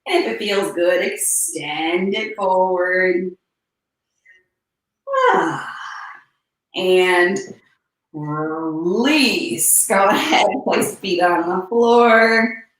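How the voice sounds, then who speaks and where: A woman teaching a one-on-one yoga session, cueing poses and breathing with calm, unhurried instruction and soft breathy asides. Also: on the low side, distant mic, a little hiss or hum. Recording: echoey room, voice a bit off-mic.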